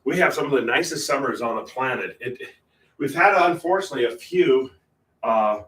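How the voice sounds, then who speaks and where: A man hosting a painting livestream, rambling in casual chat with sudden loud bursts. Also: mid-range voice, animated, a little fast. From Portland, Oregon area. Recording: roomy, from a distance, faint ambience.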